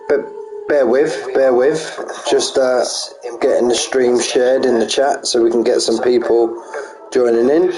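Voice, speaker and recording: A man's voice: mid-range voice, mellow, poor audio. A man with a Cockney accent hosting a sim-racing league live stream, chatting casually and greeting viewers by name.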